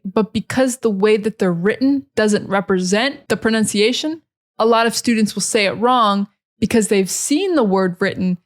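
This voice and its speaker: A young woman with an American accent teaches English pronunciation in a mid-pitched voice. She drills each word slowly and clearly, repeating model words again and again so learners can copy her. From United States.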